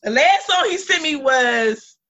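A woman in her thirties co-hosting a podcast, telling a story in blunt, lively chat with lots of swearing. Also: high-pitched, unhurried, poor audio. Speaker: podcast co-host. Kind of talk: casual chat.

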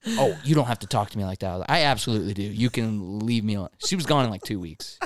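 A man's voice: on the low side, expressive, fast talker. A young man in casual chat, telling work stories with profanity and quoted voices.

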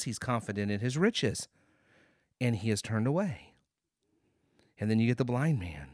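A man's voice: mid-range voice, dry recording, clean studio sound. A man hosting a podcast, teaching a Bible passage and acting out the quoted lines as he goes. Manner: animated, acts out quoted lines, checks in with "okay?".

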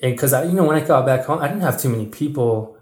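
A man hosting a relaxed podcast, talking earnestly with frequent restarts. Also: mid-range voice, fast. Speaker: podcast host. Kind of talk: casual podcast chat. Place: small room with a microphone. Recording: echoey room.

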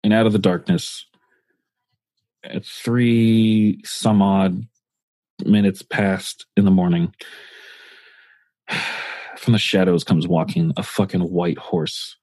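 Husky-voiced man telling a rambling story. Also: low voice, steady tone, slow, pauses often, darkish tone, no room sound. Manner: rambling, profane, full of fillers. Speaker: podcast co-host. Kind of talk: casual storytelling.

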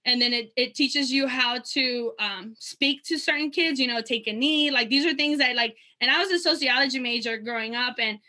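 A woman's voice: sits high, normal speed, few pauses. A woman coach talking casually about coaching and parenting, with lots of fillers and a voice that drops off at the end of a point. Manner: chatty, many fillers, drops softer at ends of points. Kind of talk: casual podcast chat.

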